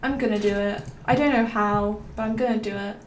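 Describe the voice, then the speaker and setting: A woman's voice: medium pitch, steady tone, brisk. A woman streamer musing aloud and rambling between topics while playing a game. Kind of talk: rambling gameplay stream chat. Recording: roomy, slightly distant mic with faint noise.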